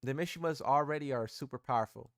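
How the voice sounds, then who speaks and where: A man's voice: medium pitch, fast, no room sound, clean studio sound. A man streaming live and reacting casually to gaming posts, rambling, repeating himself and using slang.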